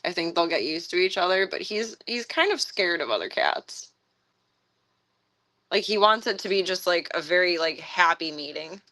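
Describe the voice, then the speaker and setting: A woman streaming from her home, chatting casually and cooing at her cats in a high voice. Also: expressive, normal speed, bright, forceful tone. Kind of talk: casual livestream chat. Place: home with pets.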